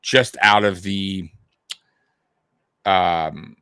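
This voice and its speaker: A man co-hosting a casual live football watch party, talking in a loose, animated way, laughing often and repeating himself. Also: deep voice, drawn-out words, smooth, dry recording, studio quality. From half Italian heritage. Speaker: co-host of a sports watch-party stream.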